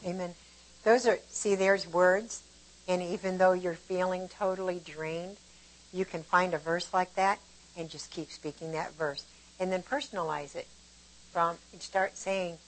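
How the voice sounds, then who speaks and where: An older woman teaching an informal Bible lesson, telling personal stories with lively laughter. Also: lowish voice, measured pace, low-quality recording. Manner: animated storytelling, laughs often. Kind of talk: informal sermon.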